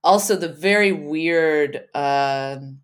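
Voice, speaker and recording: A woman's voice: low-pitched, slow. A woman co-hosting a podcast in casual chat, rambling and often laughing as she talks. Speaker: podcast co-host.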